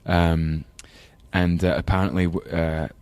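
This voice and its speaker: A man's voice: low voice, level tone, unhurried, a little mellow, smooth, dry recording. A man with a London English accent, a podcast guest talking casually, thoughtful and hesitant with frequent ums and restarts. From England. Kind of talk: casual interview chat.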